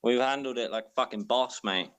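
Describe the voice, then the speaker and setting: A man's voice: medium pitch, moderate pace, fairly bright tone, clear, resonant tone, poor audio. A man joining a casual chat over a remote call, blunt and sweary as he rants. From Britain.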